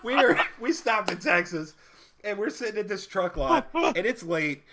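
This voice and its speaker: A man's voice: sits high, big pitch swings, normal speed, background noise. A young man co-hosting a casual live stream, telling a profane road-trip story between laughs. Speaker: co-host.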